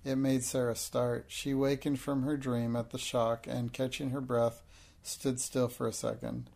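Male audiobook narrator, gravelly, flat delivery, measured. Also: medium pitch. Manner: steady, measured storytelling. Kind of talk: audiobook reading.

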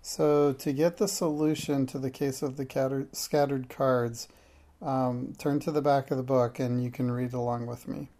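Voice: medium pitch, flat delivery, normal speed, warm tone. A reader steadily reading a children's mystery book aloud.

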